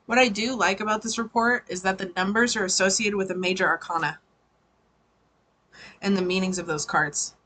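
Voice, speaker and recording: A woman's voice: mid-range voice, a little slow, long pauses, a bit bright, breathy edge, rough recording. A woman giving a casual, chatty live tarot reading, swearing freely and laughing often. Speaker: tarot reader.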